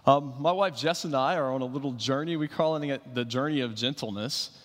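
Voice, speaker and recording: A man's voice: medium pitch, lively intonation, a little fast. Guy in his 30s preaching, chatty, lots of ums and restarts, voice ringing around a big hall. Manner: conversational storytelling with fillers and repeated starts. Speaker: pastor. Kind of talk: sermon. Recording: reverberant hall.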